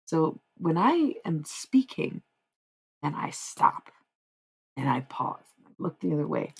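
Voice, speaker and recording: A woman's voice: sits low, big pitch swings, unhurried, gravelly, slightly rough, rough recording. A young woman livestreaming, chatting loosely with her viewers and drifting from point to point as she goes. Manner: rambling and easily sidetracked, talking to chat. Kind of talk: casual livestream chat.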